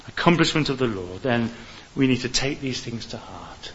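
A man's voice: medium pitch, animated, normal speed, hardly any pauses, a bit bright. A man preaching an evangelistic sermon in an earnest way, building to fervent appeals. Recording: dull hissy recording.

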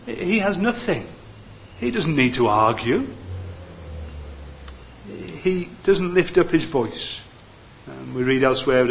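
Earnest preacher, lo-fi recording. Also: male voice, a little high. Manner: frequent "uh" fillers, gentle and earnest. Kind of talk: sermon.

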